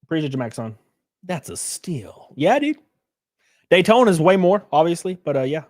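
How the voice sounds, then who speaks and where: A man's voice: fairly high pitch, animated, normal speed, darkish tone, no echo, studio quality. A young man chatting casually on a live stream, reading chat aloud with loose, jokey slang.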